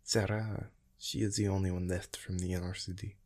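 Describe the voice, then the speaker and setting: A man's voice: sits low, little pitch movement, normal speed, darkish tone, close to an everyday voice. A man voicing a plain-spoken local man explaining things matter-of-factly.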